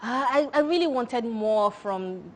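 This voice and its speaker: A woman co-hosting a casual television chat about movies, agreeable and quick to laugh. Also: a little high, animated, a little mellow. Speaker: co-host.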